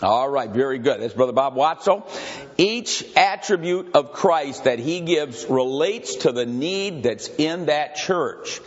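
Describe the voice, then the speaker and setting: A man's voice: a little high, lively intonation, measured pace. An older man from Michigan preaching a conversational sermon, rambling and digressive, repeating himself and asking the congregation questions. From Grand Rapids, Michigan. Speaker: pastor leading a Bible study. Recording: dull recording with long hall reverb.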